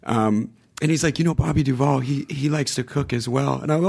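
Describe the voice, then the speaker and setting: Man, forties, gravelly fry, casual podcast storytelling, animated quoted voices. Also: quick pace. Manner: lively storyteller, acts out quotes with raised pitch and laughs. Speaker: podcast guest, actor. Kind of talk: casual anecdotal chat.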